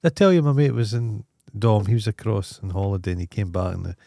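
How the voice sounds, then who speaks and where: A man's voice: on the low side, expressive, fast talker, gravelly, warm tone, no room sound, clean studio sound. A Scottish man co-hosting a podcast, telling crude stories in a blunt, sweary way. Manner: blunt, sweary, jokey storyteller. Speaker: podcast co-host. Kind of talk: crude casual chat.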